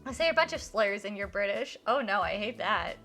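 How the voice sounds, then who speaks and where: A woman's voice: medium pitch, animated, fairly quick, pushed and bright, soft background music. A young woman streaming a game, chatting and reading aloud with a giggly, self-deprecating manner. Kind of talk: live-stream game playthrough with read-aloud.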